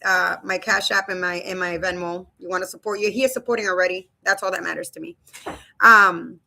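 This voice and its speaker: A woman in her thirties or forties talks loosely to her live stream audience from home. Her voice is bright and forward at a middle pitch. She chats informally into a webcam and keeps calling her viewers "you guys.". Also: gravelly. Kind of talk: casual live stream talk. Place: home room.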